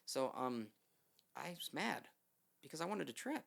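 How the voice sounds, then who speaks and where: In a podcast studio, a male guest tells a long story in a loose, rambling, animated way, cursing freely and acting out what people said. His voice is on the high side and creaky, and he speaks a little slowly.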